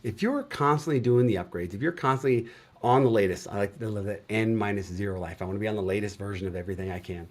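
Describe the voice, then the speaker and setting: A middle-aged man speaking as a guest developer, relaxed and chatty, often pausing with "uh" as he explains. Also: fairly low pitch. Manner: relaxed storytelling with frequent "uh" fillers. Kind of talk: casual conversation on a video show.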